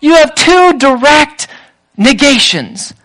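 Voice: sits high, big pitch swings, slow pace, a bit bright, low-quality recording. A preacher giving a sermon in an emphatic way, with rhetorical questions and repeated lists.

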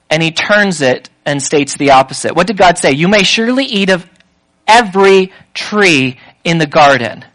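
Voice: medium pitch, a bit bright, poor audio. A preacher giving a sermon in an emphatic way, with rhetorical questions and repeated lists.

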